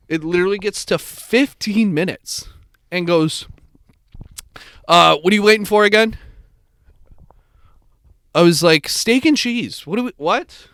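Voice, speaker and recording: A man's voice: a little high, a bit bright, smooth, no echo, clean studio sound. A young man co-hosting a podcast, telling a long story in casual chat, swearing and acting out the people in it. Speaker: podcast co-host.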